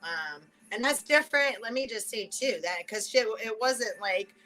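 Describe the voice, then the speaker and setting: A woman hosting a casual spiritual reading, chatting and laughing between thoughts, swearing casually and slowing down to read card messages aloud. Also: a little high, expressive, pushed and bright, faint music behind, low-quality recording. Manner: reads oracle card messages aloud slowly. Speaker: spiritual reader and channel host.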